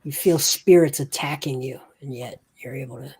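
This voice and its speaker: A woman running a tabletop game as game master, calling for rolls and describing scenes in an unhurried manner. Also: rumbling low, darkish tone, breathy edge.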